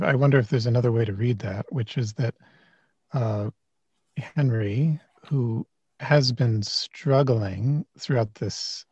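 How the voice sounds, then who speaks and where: A man's voice: on the low side, a little mellow, husky, no echo. A man thinking aloud in a casual discussion of a play, hesitant with many fillers. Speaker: discussion participant. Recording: dull lo-fi mic.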